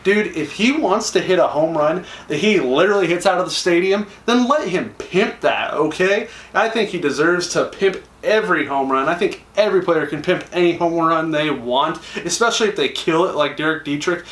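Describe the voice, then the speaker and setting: A man's voice: fairly high pitch, moderate pace, few pauses, a bit bright, recorded from a distance. A young man chatting enthusiastically to camera, acting out quoted lines. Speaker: YouTuber. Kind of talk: casual talk to camera. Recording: echoey room, a little off-mic.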